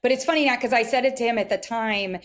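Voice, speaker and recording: A woman dietitian chats as a podcast guest, animated and anecdotal. She keeps reaching for "like" and "you know" and slips into voices for quoted lines. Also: a little high, fast talker, a little hiss or hum. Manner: animated, many fillers, acts out quotes. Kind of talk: casual interview storytelling.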